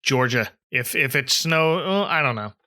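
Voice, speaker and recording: A man's voice: medium pitch, animated, moderate pace, bright, forceful tone. A man from southern New Jersey hosting a podcast, casually recapping a cartoon episode in a chatty way. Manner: chatty, recaps scenes and acts out quotes. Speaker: podcast host.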